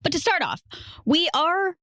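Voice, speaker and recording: A woman's voice: very high voice, big pitch swings, a little slow, sharp tone, no room sound, clean studio sound. A woman hosting a casual podcast, playfully telling a history story to her co-host and laughing easily.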